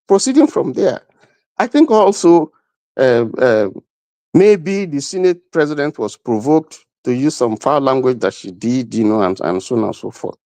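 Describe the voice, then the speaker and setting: A man's voice: medium pitch, sing-song, moderate pace, mellow, dry recording. A middle-aged man, arguing emphatically as a panel guest and repeating himself. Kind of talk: heated debate.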